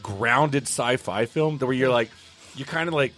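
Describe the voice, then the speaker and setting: A man hosting a comedy podcast, telling stories and recommending a movie with animated, laughing delivery. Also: mid-range voice, unhurried, faint music behind. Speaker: podcast host.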